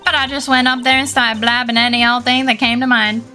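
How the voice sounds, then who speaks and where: A woman's voice: fairly high pitch, flat delivery, a little fast, pushed and bright, faint music behind, pitched above the performer's own voice. A woman voicing a chirpy, chatty young Southern woman photographer with a put-on Southern US drawl. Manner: folksy, chatty, upbeat drawl.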